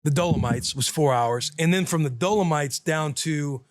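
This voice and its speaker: A man's voice: a little high, moderate pace, no echo. A man in his thirties, a podcast host, animatedly telling a story in casual chat and acting out the people in it. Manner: animated, profane, quotes people in dialogue.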